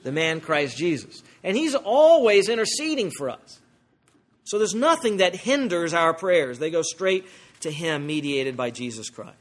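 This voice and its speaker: A man preaching a sermon, explaining a Bible passage verse by verse, asking the congregation rhetorical questions and swinging between emphatic highs and soft lows. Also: sing-song, unhurried. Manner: emphatic, wide swings in pitch and loudness. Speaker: pastor.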